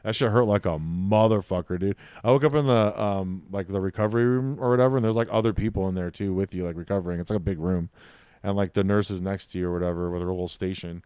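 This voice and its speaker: A man's voice: deep voice, fast talker, darkish tone, clear, resonant tone, no room sound. A young man in casual chat, laid-back and swearing freely, filling his talk with "dude" and "bro".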